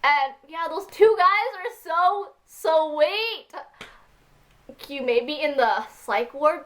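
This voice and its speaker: A woman's voice: high-pitched, fairly bright tone. A woman vlogger telling a story to camera in a casual, rambling way, upset and full of "like" and "freaking".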